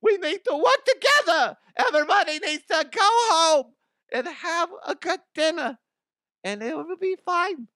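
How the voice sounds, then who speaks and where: A man putting on a high falsetto voice as a blunt, bossy mother figure who scolds and mothers. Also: lively intonation, unhurried, pushed and bright, dry recording, clean studio sound, heavily acted.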